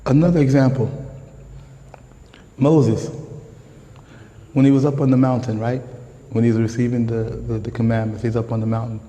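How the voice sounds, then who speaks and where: An American man giving a lively, slangy sermon in a mosque, jumping from calm talk to shouts. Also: medium pitch, normal speed, pauses often, in a large hall, low-quality recording. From United States. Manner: animated, slangy street talk, rises to shouts. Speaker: guest preacher. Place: mosque prayer hall.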